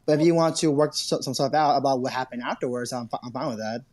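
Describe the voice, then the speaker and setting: Man guest, defensive and halting, repeats words, video-call stream argument. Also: medium pitch, darkish tone.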